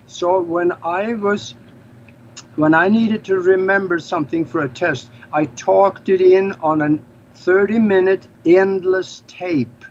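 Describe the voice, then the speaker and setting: A man from Norway, speaking English as a second language, explaining things earnestly as an interview guest. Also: on the high side. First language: Norwegian. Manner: earnest, explanatory, slightly non-native grammar. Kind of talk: casual interview talk. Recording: slightly dull lo-fi audio with faint noise.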